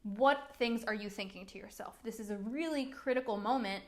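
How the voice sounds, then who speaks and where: A woman's voice: on the high side, normal speed. A young woman, a business coach, giving an upbeat, chatty talk full of "like"s. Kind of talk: live-streamed coaching talk.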